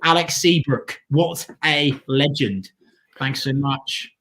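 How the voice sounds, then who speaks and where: A man's voice: on the high side, takes it slowly. A man co-hosting a football watchalong, enthusiastically thanking donors and giving match updates. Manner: enthusiastic, reads out donations, shout-outs. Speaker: fan channel co-host. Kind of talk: casual watchalong chat.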